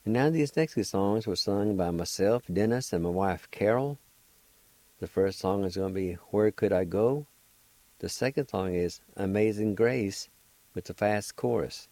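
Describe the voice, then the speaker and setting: A man's voice: lowish voice, unhurried, a little mellow, dry recording, low-quality recording. A man hosting a radio language lesson, spelling out words letter by letter and repeating each syllable patiently. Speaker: language teacher and radio host.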